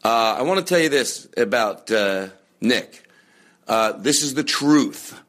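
A man hosting a comedy podcast, rambling through a chatty monologue with loud bursts of mock anger and frequent swearing. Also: mid-range voice, lively intonation, unhurried. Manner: chatty, with many fillers and restarts. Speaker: podcast host.

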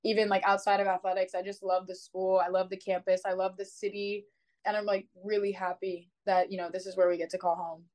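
A young woman, a college sprinter, telling her story in an interview, chatty and animated, with many "like" fillers. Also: medium pitch, a little fast, poor audio. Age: young adult.

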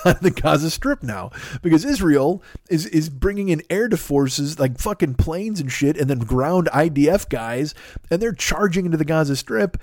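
A man's voice: on the high side, a little mellow, no room sound, studio quality. A man hosting a podcast, talking in a rambling, profane, self-mocking comic monologue. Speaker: podcast host.

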